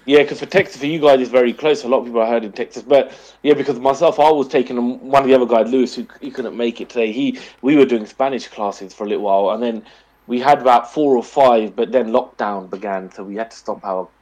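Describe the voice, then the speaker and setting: A man's voice: medium pitch, a little mellow, low-quality recording. A man chatting on a podcast, rambling on at length in a casual way. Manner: rambling, quick-talking. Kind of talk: casual chat.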